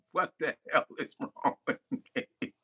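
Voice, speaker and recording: A man's voice: slow, sharp tone. A man hosting a live stream as a music producer. He chats loosely with viewers, repeats himself for emphasis and laughs at his own slips.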